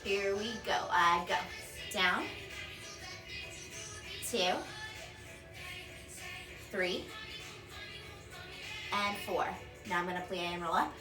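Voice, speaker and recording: This young woman teaches a children's dance warm-up from her home workout room, counting beats aloud and coaching in a bright, encouraging way. Her medium-pitched voice is fairly even in intonation and very slow, with long pauses. The camera across the room picks up an echoey, distant sound with music playing.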